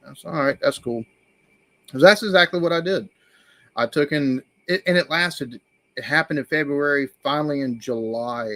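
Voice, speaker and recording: A man's voice: mid-range voice, no echo. Man telling a story. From United States. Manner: animated storyteller, acts out quoted voices. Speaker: host. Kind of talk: casual live-stream chat.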